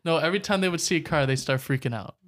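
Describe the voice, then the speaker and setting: A man's voice: fairly high pitch, very fast, fairly bright tone. A man co-hosting a casual podcast, telling a story and joking around with his co-host. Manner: joking, laughs often, mock Aussie "mate" asides.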